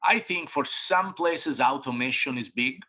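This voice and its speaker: A man's voice: medium pitch, a little slow, pushed and bright, slightly rough. A middle-aged man, a restaurant company boss, answering interview questions bluntly at home, with emphatic restarts and some casual swearing. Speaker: restaurant group CEO, interview guest. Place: home office. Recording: dull lo-fi sound.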